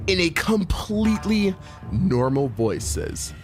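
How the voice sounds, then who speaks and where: A young man narrating a comedic storytime in an expressive, playful way with slang. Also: on the high side, normal speed, faint music behind.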